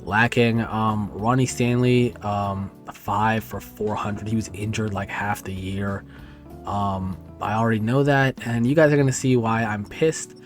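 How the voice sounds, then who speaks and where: A tired young gaming YouTuber swears and rambles in frustration while commenting casually on his football video game season. His voice sits on the low side, fairly even and measured, with faint music behind.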